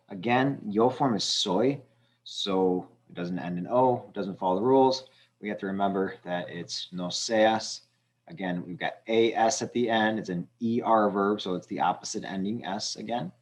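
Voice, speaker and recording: A male teacher patiently walking students through a language exercise step by step, with frequent ums. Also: fairly low pitch. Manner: patient, explaining step by step with fillers. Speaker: Spanish teacher. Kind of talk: screen-recorded lesson walkthrough.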